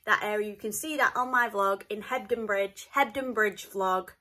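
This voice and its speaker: A woman's voice: medium pitch, moderate pace, sharp tone. A woman with a Northern English accent chatting casually to camera at home, cheerful and rambling with lots of asides. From north of England. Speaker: vlogger.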